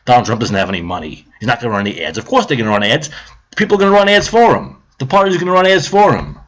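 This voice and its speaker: A man's voice: medium pitch, lively intonation, racing, a bit bright. A man ranting on a live stream about politics, heated, sarcastic and profane, repeating his points.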